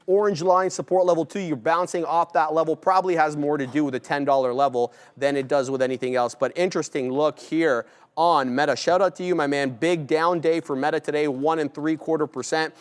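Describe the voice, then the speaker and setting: A young man hosting a live day-trading stream, giving brisk, upbeat commentary and shout-outs to viewers. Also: fairly high pitch, fairly even intonation, smooth.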